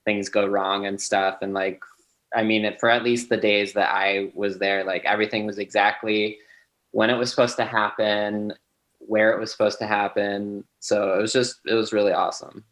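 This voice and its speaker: A man's voice: on the low side, little pitch movement, normal speed, fairly bright tone, low-quality recording. A man from the cast answering in a casual group video chat, easygoing and upbeat with loose phrasing. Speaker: cast member.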